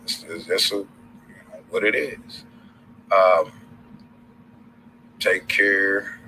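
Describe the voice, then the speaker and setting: Deep-voiced rambling Southern man, forceful. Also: steady tone, slow, long pauses, a little hiss or hum, low-quality recording. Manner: loose, rambling, slangy, many fillers. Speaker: livestream host. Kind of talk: casual livestream sign-off.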